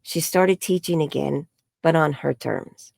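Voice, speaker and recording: A woman, an energy healer and psychic, telling a story in an interview and acting out the quoted dialogue in a higher voice. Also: unhurried, vocal fry, no echo, clean studio sound. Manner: acts out quoted dialogue with high bright voices.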